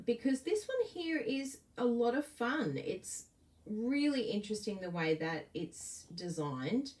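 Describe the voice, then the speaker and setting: A woman's voice: mid-range voice, far from the mic, rough recording. A woman giving a live card-making demo, bubbly and gushing, chatting to viewers between steps.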